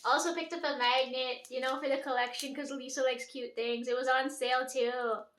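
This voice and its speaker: A woman's voice: sits high, flat delivery, moderate pace, fairly bright tone. A young woman vlogging at home in a rambling, chatty way, with casual swearing and lots of "like". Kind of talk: casual daily vlog chat. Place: room at home. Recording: echoey room, mic at a distance.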